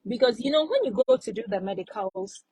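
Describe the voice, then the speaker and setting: Female live-stream host, casual advice chat; warm, husky voice, dry close recording. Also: a little high, very animated, fairly quick, no room sound, low-quality recording. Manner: chatty, repeats points for emphasis.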